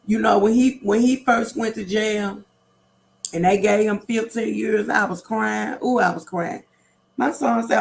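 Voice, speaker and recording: A middle-aged woman with a gravelly, creaky voice chats on a casual livestream. She talks straight to her viewers, repeating her points with emphasis. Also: mid-range voice, unhurried, a little hiss or hum. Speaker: livestream host.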